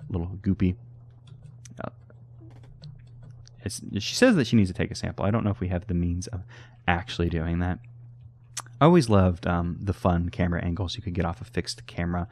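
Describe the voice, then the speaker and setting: A man's voice: sits low, a little mellow. A man giving casual, rambling commentary on a horror game, often correcting himself with a wry tone. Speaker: let's play host.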